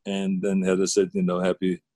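A man's voice: sits low, monotone, brisk, dark tone, no echo. A man, chatting casually as a guest on a video call, rambling with many fillers and restarts. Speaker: guest, former governor.

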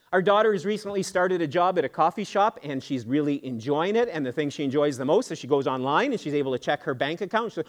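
A middle-aged man, a pastor, preaching in church in an earnest, emphatic way with homely jokes and asides. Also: high-pitched. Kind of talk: sermon. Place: church sanctuary.

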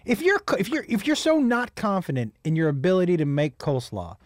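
A man from the United States hosting a casual podcast chat, animated and profane, laughing easily. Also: high-pitched, brisk, no echo, clean studio sound. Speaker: podcast host.

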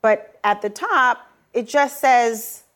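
Middle-aged lady news anchor, a bit high, dry pointed sarcasm, leans on certain words. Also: takes it slowly, a bit bright. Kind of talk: evening news commentary.

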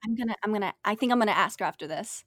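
A woman's voice: mid-range voice, very fast, a bit bright, no room sound, clean studio sound. A woman co-hosting a podcast, eager in tone and steering the conversation to the next topic. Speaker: podcast co-host. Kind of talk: casual chat.

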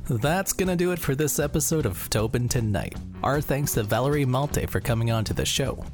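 A man reading a scripted podcast outro in a smooth delivery. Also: medium pitch, sing-song, fairly quick. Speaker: podcast co-host. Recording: voice over music.

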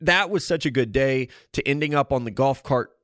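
A man's voice: mid-range voice, moderate pace, fairly bright tone, dry recording, clean studio sound. A young adult man co-hosting a podcast, telling stories in casual chat with laughs. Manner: storytelling, laughing. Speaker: podcast co-host.

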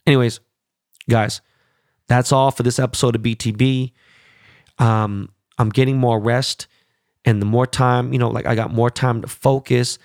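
Male podcast host, casual and profane, rambling, gravelly voice, dry recording. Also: mid-range voice, normal speed, no echo. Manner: profane, animated, rambling asides. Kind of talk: casual solo podcast chat.

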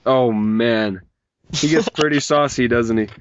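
A man's voice: medium pitch, measured pace, smooth, no room sound. A man hosting a casual podcast, rambling and joking as he reads listener messages aloud, and he has a mild migraine. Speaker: podcast host. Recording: dull lo-fi podcast audio, dry.

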